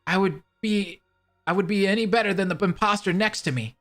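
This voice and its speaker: A man's voice: high-pitched, brisk, fairly bright tone, faint music behind. A man voicing an anxious young male superhero intern in a fan voice drama, with shaky, stammering speech. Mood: resolute.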